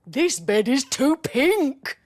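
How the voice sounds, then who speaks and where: A woman voicing a fussy, choosy little male bear in a storybook reading, with a squeaky, drawn-out complaining voice. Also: very animated, heavily acted.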